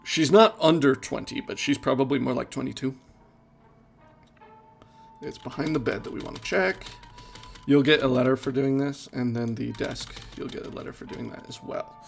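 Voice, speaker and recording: A man, a game director, giving live playthrough commentary and answering viewer questions in a relaxed, halting way. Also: mid-range voice, creaky, soft background music. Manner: relaxed, hesitant with fillers.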